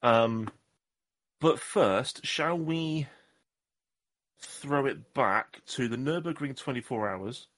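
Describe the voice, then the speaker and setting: A man's voice: mid-range voice, takes it slowly, long pauses, fairly bright tone. A man from southwest England, co-hosting a podcast in rambling, self-mocking casual chat. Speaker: podcast co-host.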